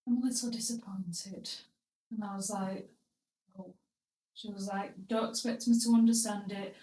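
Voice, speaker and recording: A young woman who hosts a podcast tells her story bluntly, crudely and comically in a casual chat. Her warm, medium-pitched voice has fairly even intonation and a moderate pace. She sits a little back from the mic, so the recording is roomy with some echo.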